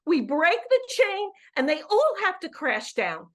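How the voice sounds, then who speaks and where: A woman's voice: very high-pitched, wildly swooping pitch, measured pace. A woman in her fifties calling in to a live show as a coach, effusive and emphatic, often repeating words as she goes. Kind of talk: live call-in chat.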